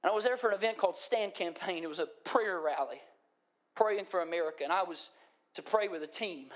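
A man preaching a sermon, moving from quiet storytelling to impassioned pleading. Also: sits high, fairly quick. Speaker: pastor.

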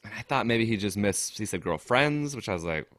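On a podcast, a young male co-host with a lowish voice tells a story a little fast, with no room sound. He's casual and animated, laughing often and acting out what other people said.

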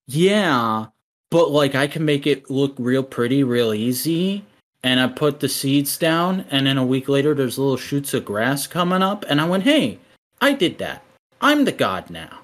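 A man's voice: mid-range voice, normal speed. A man co-hosting a podcast, rambling along in a casual, joking, profane way. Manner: rambling, profane, self-mocking. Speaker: podcast co-host.

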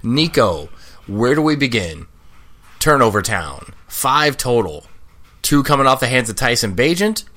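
A man's voice: mid-range voice, very animated, unhurried, sharp tone. A man co-hosting a casual sports podcast, trading wisecracks and profane jokes. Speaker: podcast co-host.

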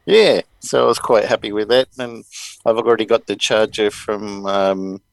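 A man's voice: on the low side, normal speed, gravelly, no room sound, rough recording. A man hosting a podcast, chatting casually and rambling with many fillers. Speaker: podcast host. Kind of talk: casual chat.

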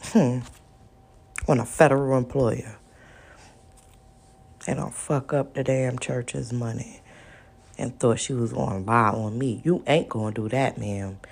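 A woman's voice: rumbling low, fairly even intonation, measured pace, creaky, long pauses, darkish tone. A woman, telling a story in a blunt, profane rant and acting out other people's lines. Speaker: podcast host.

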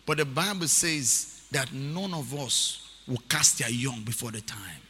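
A man's voice: medium pitch, a little slow, sharp tone, slightly rough. A man preaching a sermon as pastor, repeating key phrases for emphasis and reading scripture aloud. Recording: long hall reverb.

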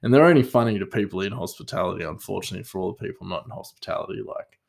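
A man's voice: deep voice, rapid-fire, creaky. An Australian man hosting a podcast, telling stories in a rambling, self-deprecating way and laughing often. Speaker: podcast host. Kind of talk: casual storytelling.

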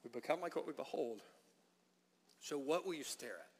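Pastor, man, high voice; emphatic sermon delivery in a reverberant church. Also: normal speed, slightly rough. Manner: prayerful and hushed in prayer, then animated and emphatic when preaching. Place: church sanctuary.

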